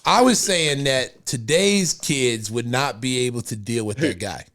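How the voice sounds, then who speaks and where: A man hosting a podcast in casual chat, joking and laughing as he tells stories, acting out shouted quotes. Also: mid-range voice, measured pace. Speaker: podcast host.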